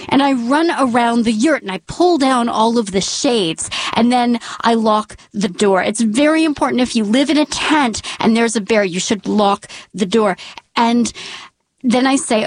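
A woman spins a personal story at an unhurried pace, her humor dry and wry. She sinks into a tense whisper when the story turns scary. The recording is close and dry, with no room sound. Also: fairly high pitch, lively intonation, no echo.

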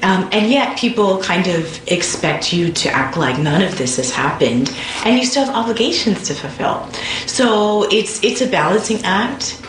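A woman's voice: mid-range voice, expressive, moderate pace, slight background noise. A woman speaking in a thoughtful, conversational way during an interview. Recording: echoey room from a distance.

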